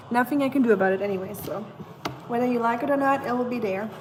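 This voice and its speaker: A woman with a German accent hosting a casual livestream at home, chatting with viewers, answering the chat and filling pauses with "um.". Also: on the high side, background noise. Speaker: livestream host.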